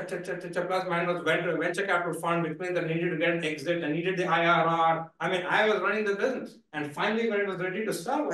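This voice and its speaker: A man gives a playful seminar talk, keeps punctuating with "right?" and pushes his points hard. His voice sits high for a man, and it comes from some way off the mic in a very echoey lecture hall. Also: fairly bright tone, far from the mic. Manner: playful, emphatic, with many repeated "right?" tags. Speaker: guest speaker.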